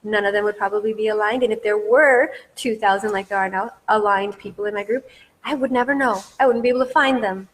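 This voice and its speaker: A woman's voice: mid-range voice, fairly even intonation, quick pace. A woman business coach giving a masterclass, talking with eager, repetitive emphasis. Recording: long hall reverb.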